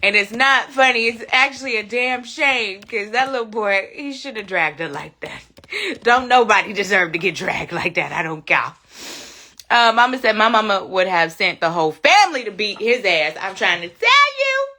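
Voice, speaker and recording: A woman's voice: mid-range voice, animated, moderate pace, bright, forceful tone. A woman hosting a live stream, reacting to a clip and reading viewer comments aloud, laughing often and talking in a casual style.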